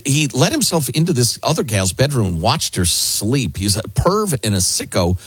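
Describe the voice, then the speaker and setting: A man from the Chicago area hosting a talk radio show, delivering commentary and ad reads in a forceful, conversational way. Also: mid-range voice, sing-song, normal speed, husky, no echo. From Chicago area, United States.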